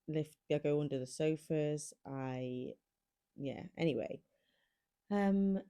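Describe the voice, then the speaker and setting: A woman's voice: low voice, warm tone. A young woman vlogging to camera, a mum of three chatting casually and self-deprecatingly with lots of ums.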